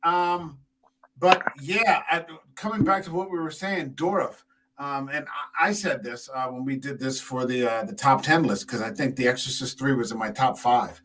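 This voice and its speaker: A man on a casual podcast, telling a long, profane anecdote in an animated way with lots of fillers. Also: medium pitch, normal speed, a little hiss or hum, low-quality recording. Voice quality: tall man, six foot five. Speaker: podcast co-host. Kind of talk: casual storytelling chat.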